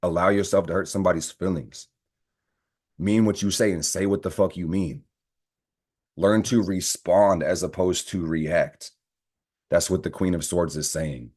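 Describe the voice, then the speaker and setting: A young man giving a fired-up, profane tarot reading to his viewers, swinging from low, intimate talk into loud ranting outbursts. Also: steady tone, a little slow, husky. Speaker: astrology and tarot reader. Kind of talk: tarot reading monologue to camera.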